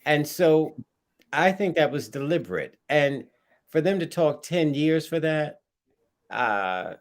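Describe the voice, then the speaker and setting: A man on a talk panel speaks slowly, pausing on ums between points. His pitch rises and falls widely as he makes his case emphatically. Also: very animated. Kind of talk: casual debate.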